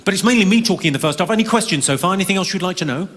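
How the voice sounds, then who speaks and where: A man doing a stand-up routine on a large theatre stage, with a deadpan, quick delivery and crowd work. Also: high voice. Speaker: stand-up comedian. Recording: live hall recording with crowd noise.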